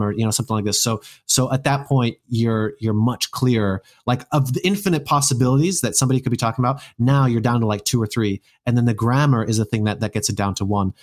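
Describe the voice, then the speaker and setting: A man's voice: medium pitch, fairly even intonation, fast talker, hardly any pauses. A man talking casually as a guest, rambling with many restarts and fillers. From United States. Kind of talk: casual conversation.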